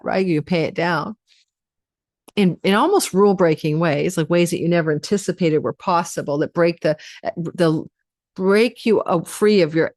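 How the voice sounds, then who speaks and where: A woman's voice: on the low side, no echo, clean studio sound. A tired woman astrologer giving a rambling, chatty forecast and running through lists of possibilities. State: tired, yawning.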